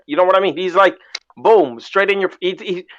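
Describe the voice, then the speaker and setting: A man's voice: sits high, a little fast, fairly bright tone. A young man co-hosting a casual podcast chat, opinionated and rambling, often checking that the others follow him. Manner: opinionated, rambling, often asks "you know what I mean". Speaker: podcast co-host. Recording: muffled podcast audio.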